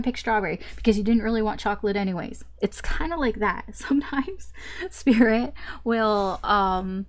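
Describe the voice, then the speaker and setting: A woman's voice: mid-range voice, normal speed. A woman tarot reader talking through a casual, rambling reading, often laughing at herself.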